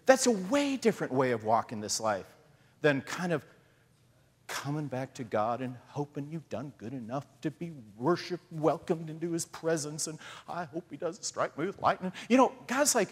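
A man preaches in a relaxed, conversational style and often slips into quick acted voices. His voice sits a little high and swings widely in pitch, with a husky edge. A long reverb trails behind his words. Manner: conversational, animated, acts out voices of God and Jesus. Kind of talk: sermon.

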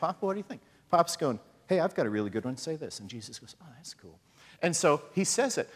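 Animated husky preacher in a reverberant hall. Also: male voice, a little high. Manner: conversational, animated, acts out voices of God and Jesus. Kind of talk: sermon.

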